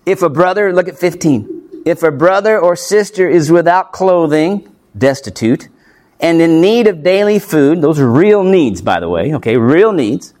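A man's voice: a little high, animated, normal speed, a little mellow. A male pastor preaching an expository sermon, emphatic and punchy, firing off rhetorical questions and tossing in playful asides. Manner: playful asides with light laughs.

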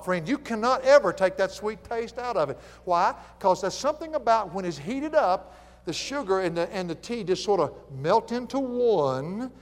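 Animated Southern preacher in a hall. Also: male voice, high voice. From American South. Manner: folksy, animated storytelling with chuckles. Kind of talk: sermon.

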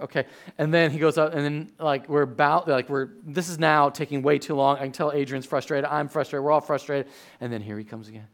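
Chatty, animated pastor preaching. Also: male voice, a little high, a little fast. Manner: chatty storyteller, animated with sudden loud outbursts. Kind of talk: sermon.

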